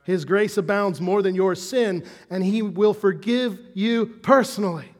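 A man preaching a sermon as pastor, telling the story with animated energy and dropping to soft, intense tones on key points. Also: high-pitched, a little slow, few pauses, long reverb tail.

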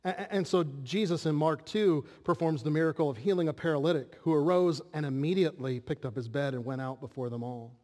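A man's voice: on the high side, brisk, few pauses, darkish tone. A man preaching a sermon as a pastor, talking earnestly and putting rhetorical questions to his listeners. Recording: long hall reverb.

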